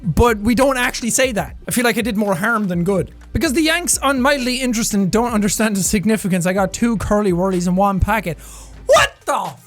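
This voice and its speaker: Young Irish guy, reaction video host, excitable and jokey, swears a lot, faint music behind. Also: sits high, brisk. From Ireland. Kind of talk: casual reaction commentary.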